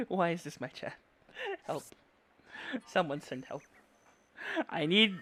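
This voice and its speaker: A man streaming a game live as a VTuber, excitable, yelling and bantering with his chat. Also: on the high side, slow pace, pauses often.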